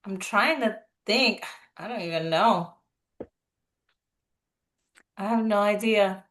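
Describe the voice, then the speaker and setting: A woman co-hosting a podcast, chatting in a relaxed way, laughing often and giving short replies while she listens. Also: mid-range voice, slow pace. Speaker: podcast co-host. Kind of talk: casual chat.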